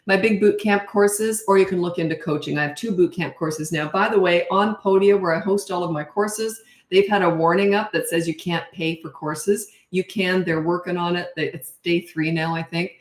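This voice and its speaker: A woman's voice: lowish voice, fairly even intonation, normal speed, few pauses. A woman who is a parenting coach, chatting casually and rambling on a live stream, laughing often. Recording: echoey room.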